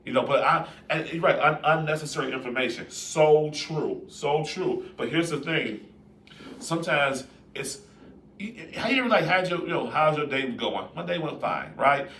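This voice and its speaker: A man hosting a live-stream talk, speaking in a lively, conversational way and putting questions to his viewers. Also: on the high side, normal speed, slight background noise. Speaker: host. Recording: roomy echo, distant mic.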